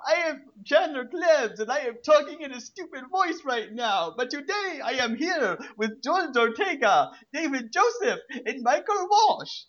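A man putting on a silly, high-pitched made-up accent, introducing a show in a hammy, over-the-top announcer delivery. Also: sing-song, measured pace, hardly any pauses, a bit bright, muffled recording, heavily acted. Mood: goofy.

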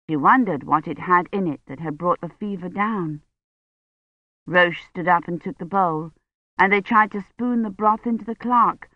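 A woman narrating an audiobook in a measured, even storytelling manner. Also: medium pitch, no echo. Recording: dull dry recording.

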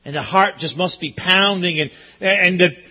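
A man's voice: high voice, moderate pace, sharp tone, dull audio. A man preaching a sermon in an earnest, emphatic way, often repeating his points. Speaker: pastor.

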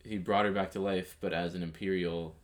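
Playful low-voiced man on a podcast. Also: steady tone, a little fast. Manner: laughs often, rambling and playful. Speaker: podcast co-host. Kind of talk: casual chat.

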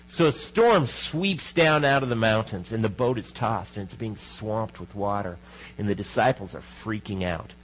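Man, pastor, sermon, conversational, rhetorical questions, hushed emphasis. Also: fairly low pitch, normal speed, rough recording. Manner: conversational preaching, asks the congregation questions.

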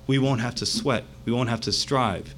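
A man pastor preaching a sermon in a conversational, animated way that keeps checking in with the listeners. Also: mid-range voice, moderate pace, a little hiss or hum.

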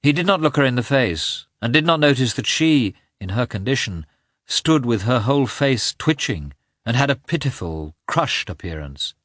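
Man reading a classic novel aloud, expressive and measured, dry close sound. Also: mid-range voice, no echo. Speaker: audiobook narrator. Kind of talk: scripted narration of a classic novel.

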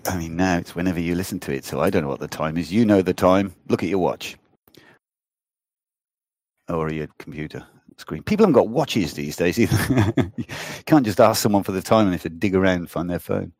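A man's voice: sits low, expressive, a little fast, darkish tone, dry recording, studio quality. A man co-hosting a casual chat show, easygoing and rambling, often laughing. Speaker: co-host.

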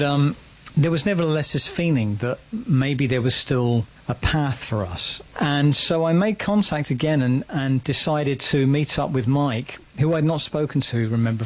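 Reflective man telling stories. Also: medium pitch. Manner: reflective, storytelling. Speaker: guest musician. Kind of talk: casual radio interview.

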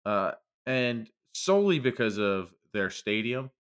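A man's voice: on the low side, very animated, unhurried, smooth. A man cohosting a casual sports betting podcast, enthusiastic and teasing.

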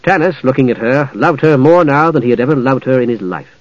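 A man narrating a fantasy novel in a measured, even storytelling manner. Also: mid-range voice, no room sound, dull audio. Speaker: audiobook narrator.

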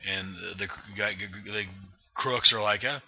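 A man's voice: lowish voice, steady tone, slow pace. A man casually narrating and describing a comic book, rambling with many fillers and restarts, on a dull lo-fi recording. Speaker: comic book reader and reviewer.

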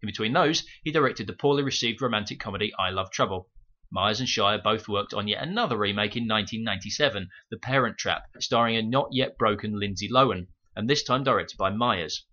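Wry man with a bright voice. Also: on the low side, fairly quick. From United Kingdom. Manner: wry, sarcastic asides. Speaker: podcast host. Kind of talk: scripted review narration. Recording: muffled home microphone.

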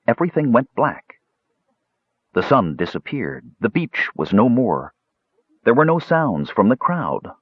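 A man reading a fantasy novel aloud as an audiobook narrator, with expressive storytelling. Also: on the low side, breathy edge, dry recording, lo-fi sound.

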